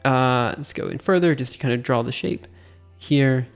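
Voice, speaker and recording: A man with a slightly gravelly voice talks through a physics idea on a livestream, thinking aloud and giggling at his own asides. Faint music plays quietly behind him. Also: mid-range voice, moderate pace. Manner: chatty, giggly, self-deprecating, thinks aloud. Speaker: streamer teaching physics. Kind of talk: casual livestream explanation.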